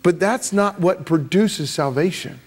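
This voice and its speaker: A man preaching a sermon as pastor, emphatic and repetitive, swinging from loud rises to soft drops. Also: high voice, measured pace. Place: church sanctuary.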